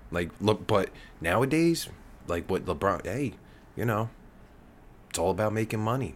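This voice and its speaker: A heated man around forty rants in a podcast, peppering his talk with swearing and rambling asides. His fairly low voice swoops up and down with animated emphasis. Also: moderate pace, a little hiss or hum. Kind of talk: profane podcast rant.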